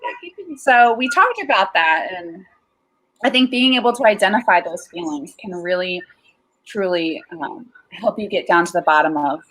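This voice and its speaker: In poor audio, a woman with a lowish, expressive voice talks at a moderate pace. As a therapist guest in casual conversation, she explains emotions warmly and simply, laughing easily along the way.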